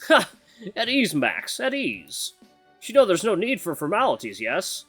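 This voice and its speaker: Guy doing a big hearty russian-accent guildmaster, slow and grand, bouncy pitch, dry sound. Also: wildly swooping pitch, pushed and bright, husky, dry recording, faint music behind, exaggerated voice. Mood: genial. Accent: put-on Russian. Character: broad genial male guildmaster, formal and hearty.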